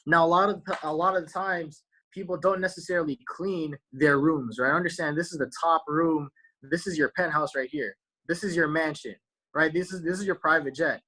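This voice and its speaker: A man's voice: a little high, steady tone, normal speed, bright, forceful tone, rough recording. A man giving a casual motivational talk to his viewers, using slang and tagging "right?" onto almost every point. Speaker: motivational speaker.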